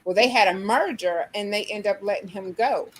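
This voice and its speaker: A woman's voice: mid-range voice, moderate pace, a little hiss or hum, rough recording. A woman in a discussion who retells a story earnestly, often saying "like". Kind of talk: casual discussion.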